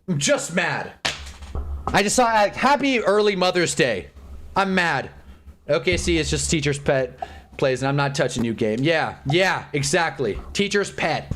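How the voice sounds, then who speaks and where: A man giving a frustrated, sarcastic reaction to a basketball loss, swinging into loud mock outrage now and then, from a home streaming setup. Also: mid-range voice. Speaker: sports fan streamer.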